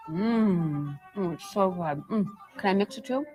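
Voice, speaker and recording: A playful woman host with a flirty, teasing manner, giggling often and talking through mouthfuls. Her voice sits at a middle pitch with a light run of music behind it. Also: lively intonation, unhurried, dark tone. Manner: talks while chewing. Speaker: late-night show host. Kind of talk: playful casual chat.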